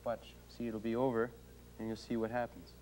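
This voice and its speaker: Guy doing a dopey canadian hoser host, flat lazy drawl, lotsa uhs, hissy old tv tape. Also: medium pitch, normal speed, lightly acted, rough recording. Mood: laid-back. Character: dim-witted male beer-loving Canadian brother co-host. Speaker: co-host of a low-budget talk segment.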